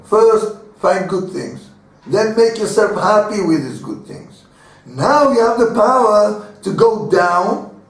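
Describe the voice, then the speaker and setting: Rabbi guy giving a torah class, high voice, lots of uhs and restarts, echoey room, off mic. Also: recorded from a distance. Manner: halting, with many fillers and restarts, earnest.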